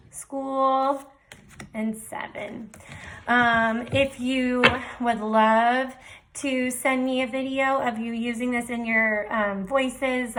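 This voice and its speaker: A woman's voice: a little high, a bit bright. A woman teacher giving a remote reading lesson to young children, patiently sounding out letters and praising her students.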